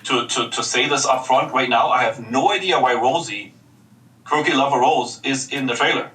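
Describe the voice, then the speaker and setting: A man's voice: medium pitch, normal speed, pushed and bright. A man with a German accent recounting events in a rambling, repetitive way on a livestream clip. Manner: rambling, repeats himself. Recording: echoey, distant, noisy clip.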